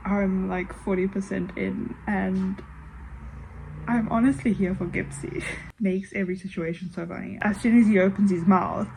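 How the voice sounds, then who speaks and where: A woman talking casually in a reading vlog at home, emotional, swinging between hushed whispers and excited outbursts. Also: mid-range voice, a little slow, gravelly, slight background noise, poor audio. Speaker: book vlogger.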